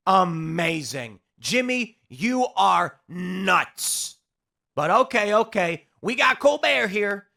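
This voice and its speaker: Animated, sarcastic male commentator. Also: high voice, takes it slowly, gravelly. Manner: sarcastic, mocking. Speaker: political commentator. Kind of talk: reaction commentary.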